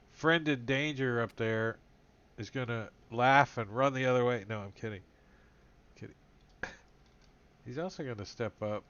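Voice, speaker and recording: Man, tabletop player, slow, joking, dull lo-fi audio. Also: medium pitch, a bit bright. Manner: joking, unhurried, thinking aloud. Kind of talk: casual tabletop play.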